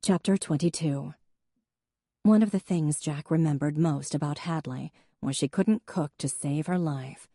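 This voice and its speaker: Woman narrator, steady measured audiobook read, low and mellow, dry close sound. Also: no room sound. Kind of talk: scripted narration.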